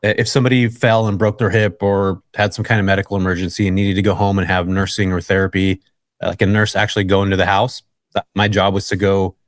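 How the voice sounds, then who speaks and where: A relaxed man from California tells a story as an interview guest, in a chatty, easygoing way. His voice sits fairly low. The recording is dry and close, with no room sound. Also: dry recording. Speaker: guest, real estate investor.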